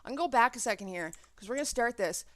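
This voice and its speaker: A woman's voice: on the high side, animated, rapid-fire, a bit bright. A woman making a reaction video, ranting with indignation and swearing freely in casual commentary.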